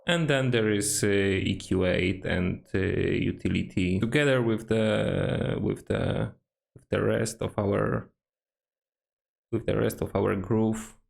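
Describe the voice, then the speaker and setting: Gravelly slow-talking man with lots of fillers. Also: lowish voice, fairly even intonation. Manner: hesitant, many fillers and restarts. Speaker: music producer. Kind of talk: casual tutorial walkthrough.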